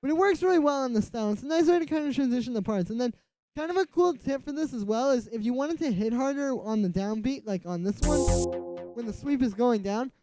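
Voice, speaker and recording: Fast-talking man over loud music. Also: very high voice, expressive. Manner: rambling, fills speech with "like". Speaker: music producer teaching. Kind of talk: casual screen-recorded tutorial. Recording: music track playing under the voice. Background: electronic music playing loudly.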